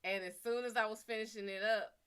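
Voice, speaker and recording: Female stream host, crisp bright tone, casual cursing storyteller who talks straight to the chat. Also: medium pitch, fairly even intonation, fast. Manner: profane, chatty, talks to viewers. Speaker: livestream host.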